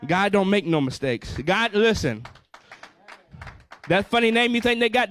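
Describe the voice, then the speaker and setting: A man's voice: sits high, big pitch swings, measured pace, fairly bright tone. A male pastor preaching a fervent sermon, repeating phrases and calling out to the congregation.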